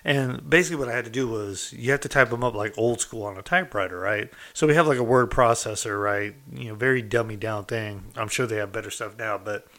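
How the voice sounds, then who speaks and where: A man's voice: on the low side, fairly quick, hardly any pauses, sharp tone. A man, a former inmate, telling a story in a loose, conversational way, full of fillers. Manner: loose and conversational, with many fillers like "you know" and "like". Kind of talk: casual spoken storytelling.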